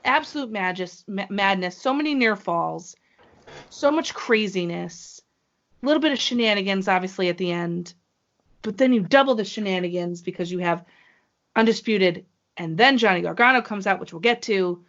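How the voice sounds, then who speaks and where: A woman hosting a podcast in casual chat, excitable and playful, with ring-announcer flourishes. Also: mid-range voice, normal speed. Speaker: podcast host. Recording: dull lo-fi podcast audio.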